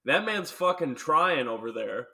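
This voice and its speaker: A man's voice: on the high side, big pitch swings, a little slow, sharp tone. A man co-hosting a casual chat, bantering and wisecracking with plenty of swearing. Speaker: podcast co-host.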